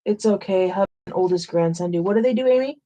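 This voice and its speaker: A woman's voice: medium pitch, fast talker, warm tone. A woman co-hosting a live stream in casual chat, reading viewer comments aloud and giving short replies.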